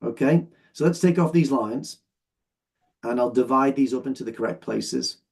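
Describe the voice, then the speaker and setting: Man, english exam teacher, mellow tone, patient explanations, checks understanding. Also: medium pitch, normal speed, gravelly. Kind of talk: online lesson, explaining while sorting phrases.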